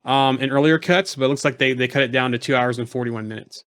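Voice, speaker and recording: A man's voice: medium pitch, steady tone, fast talker, fairly bright tone, no room sound. A man co-hosting a casual podcast chat, rambling with lots of fillers and restarts. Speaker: podcast co-host.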